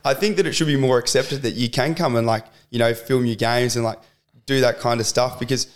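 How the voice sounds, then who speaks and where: A man's voice: mid-range voice, fairly even intonation, brisk. Laid-back young Australian man. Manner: laid-back, lots of fillers and slang. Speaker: podcast guest. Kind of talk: casual chat.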